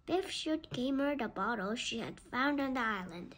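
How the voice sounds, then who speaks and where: A woman reading a children's book aloud, slowly and carefully. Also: fairly high pitch, lively intonation, fairly bright tone. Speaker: storybook reader.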